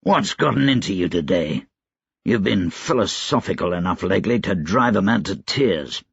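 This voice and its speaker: A man doing a growling, gravelly field marshal. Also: low voice, lively intonation, normal speed, dry recording, heavily acted. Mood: scornful. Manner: growling, terse. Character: gruff male field marshal, stern commander. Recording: dry, slightly dull recording.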